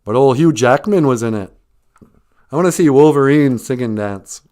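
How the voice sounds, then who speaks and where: A man's voice: mid-range voice, animated, normal speed, darkish tone. A man hosting a casual live stream, reading out viewer comments, often chuckling and thinking aloud in a reflective way.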